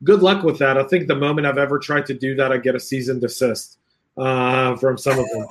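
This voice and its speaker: A man's voice: mid-range voice, fairly even intonation, moderate pace, pauses often. A man hosting a casual cybersecurity panel chat, reading out comments, joking and laughing often, with lots of fillers.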